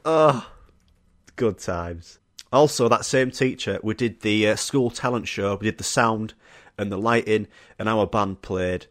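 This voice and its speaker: A man's voice: on the low side, a little slow, a bit bright, dry recording. A young man with a Yorkshire accent hosting a solo podcast, telling school stories with laughter, swearing and acted-out quotes. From Yorkshire, England. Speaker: podcast host.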